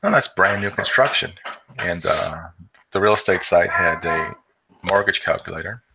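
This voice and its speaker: A Chicago-area man co-hosting a stream speaks in a low voice at a moderate pace. His casual chatter rambles, full of fillers and false starts, over a muffled lo-fi recording with constant background noise.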